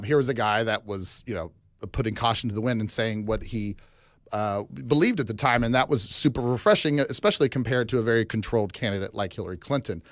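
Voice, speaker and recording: A man's voice: medium pitch, no echo, studio quality. A middle-aged man from Arkansas, a political strategist guest, giving loose interview answers full of fillers. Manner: fast, loose, filler-heavy talk.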